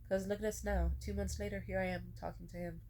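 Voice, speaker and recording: A woman's voice: mid-range voice, flat delivery, fast, warm tone, a little hiss or hum. A young woman vlogger venting in an emotional personal rant, questioning herself aloud and swearing.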